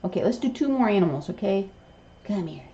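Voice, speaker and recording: A woman's voice: mid-range voice, a little fast, reverberant. Sing-song woman coaxing her pet bird. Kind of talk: live stream talking to a pet bird. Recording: dull lo-fi with steady noise.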